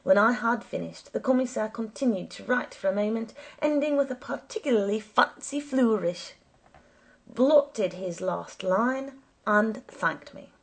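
A woman narrating a story as an audiobook reader, with measured storytelling and lively quoted voices. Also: fairly high pitch, creaky, breathy edge.

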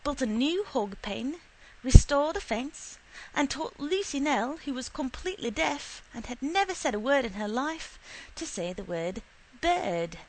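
A woman reading a short story aloud in a steady, unhurried storytelling manner. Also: high voice, slight background noise, low-quality recording. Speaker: reader.

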